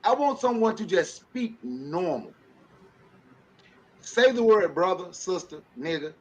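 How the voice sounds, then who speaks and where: Fired-up guy on a livestream podcast, kinda high voice, muffled lo-fi audio. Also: sing-song, a little slow, husky. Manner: impassioned, preachy, with rhetorical questions and laughs. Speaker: panelist. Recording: dull lo-fi stream audio.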